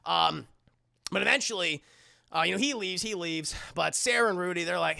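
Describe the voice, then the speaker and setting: A streamer recaps a movie for chat in a loose, rambling way, swearing freely and laughing along. The voice has a gravelly fry under a bright, forward tone. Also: mid-range voice, moderate pace, dry recording, studio quality. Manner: rambling, profane, laughing often.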